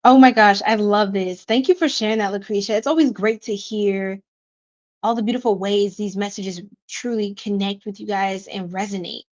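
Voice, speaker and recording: Medium in pitch and normal in speed, her voice has a darkish tone. The woman runs a tarot livestream where she chats bubbly and casually, reads comments aloud, laughs often, and uses slangy asides; the audio is dull and lo-fi.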